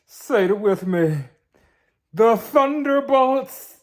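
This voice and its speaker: A man putting on a loud, boastful superhero voice, attempting a Russian accent and missing it. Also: expressive, very slow, exaggerated voice. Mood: triumphant. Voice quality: failed Russian accent, booming. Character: boastful burly male superhero, loud and proud.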